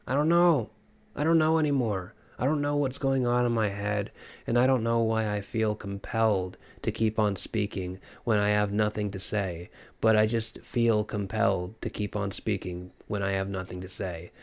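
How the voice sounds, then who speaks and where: A young man with a stuffy, nasal voice from a cold, rambling through a solo podcast monologue with many fillers and restarts. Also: on the low side. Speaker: podcast host.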